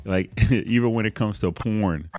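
A man's voice: on the low side, measured pace, a little mellow, no room sound. A man hosting a casual podcast chat, blunt and profane, often laughing. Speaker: podcast host.

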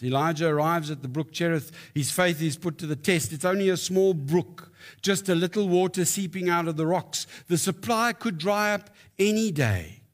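A man preaching a sermon, telling stories with emphatic rises. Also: a little high. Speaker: pastor.

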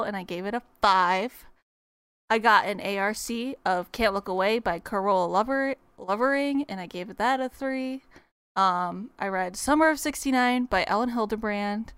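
Young female co-host, chatty and upbeat, bright smooth voice, dry sound. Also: medium pitch, no echo. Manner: bubbly, chatty, quick laughs. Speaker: podcast co-host. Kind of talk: casual book chat.

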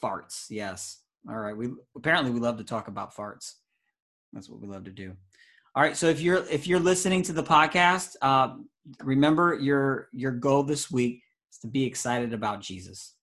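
A man's voice: medium pitch, moderate pace, a bit bright. A playful man hosts a children's ministry meeting over a video call. He talks in a loose, goofy way and reacts to things with easy amazement. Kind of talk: casual video call with kids.

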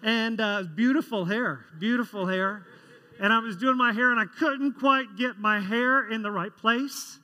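Man preaching, high voice, conversational storytelling sermon, long hall reverb. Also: normal speed, few pauses, pushed and bright. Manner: conversational storytelling, asks the congregation questions. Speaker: pastor.

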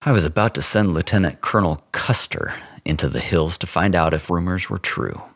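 A man voicing a stout, gruff, domineering frontier Indian agent who gives curt, menacing orders. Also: sits low, fairly quick, dry recording, studio quality. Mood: smooth.

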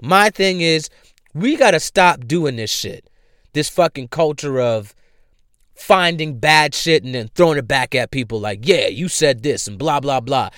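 Man, heated profane rant, repetitive emphasis, smooth clear voice, dry close sound. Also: on the high side, lively intonation, unhurried, fairly bright tone, no echo. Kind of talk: ranting commentary.

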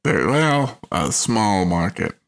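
A man co-hosting a podcast, talking in a rambling, halting way. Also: lowish voice, very animated. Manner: rambling, halting speech with fillers. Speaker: podcast co-host. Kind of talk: casual chat.

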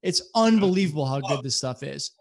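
A man's voice: on the high side, brisk, gravelly, breathy edge. Rambling, profane storyteller man. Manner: rambling, profane, animated retelling. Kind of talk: casual storytelling among friends.

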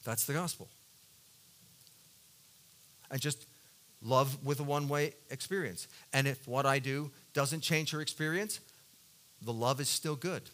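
A man preaching a sermon as a pastor, telling a personal story in an earnest, confessional way and swinging between loud emphatic bursts and soft low passages. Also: measured pace, pauses often.

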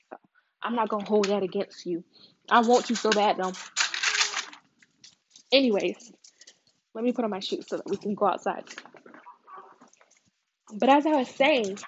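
A woman's voice: on the high side, darkish tone, husky, lo-fi sound. A woman from the United States chatting casually at home while she cooks. She wanders from thought to thought and stops to coax her dog. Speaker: cooking vlogger. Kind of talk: casual chat while cooking. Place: at home, moving between kitchen and outdoors.

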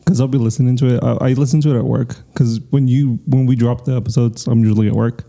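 A man's voice: mid-range voice, steady tone, fast talker, creaky, warm tone. A man in his late twenties co-hosting a podcast, joking around in a laid-back way. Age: 20s. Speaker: podcast co-host. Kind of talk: casual banter.

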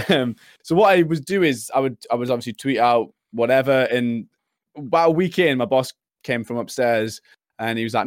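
Young guy rambling thru a story, laughs a lot, middle pitch, dry close sound. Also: no echo. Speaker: podcast co-host. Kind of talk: casual chat.

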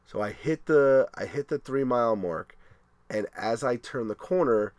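Brief: middle-aged man, casual podcast storyteller, swears freely, middle-pitched, animated. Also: moderate pace, no room sound. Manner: animated, profane storytelling with acted-out quotes.

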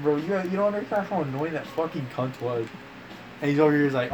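A fast-talking man with a fairly high pitch entertains friends with long, profane anecdotes in a casual chat. He rambles, uses slang like "bro" and "dude," and acts out what people said with voice changes. Background noise is audible.

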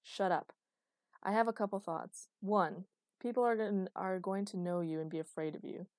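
A man's voice: high-pitched, fairly even intonation, moderate pace, no room sound. A woman reading the lines of an agitated male official in an audiobook, in a dry recording. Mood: exasperated. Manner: agitated, exasperated. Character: tense, irritated male government official.

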